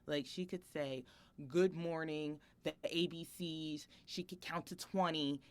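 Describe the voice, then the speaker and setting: A woman in her thirties co-hosting a podcast, telling a personal story in a chatty, animated way with frequent laughter. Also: sits low, a little slow. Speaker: podcast co-host. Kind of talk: casual podcast chat.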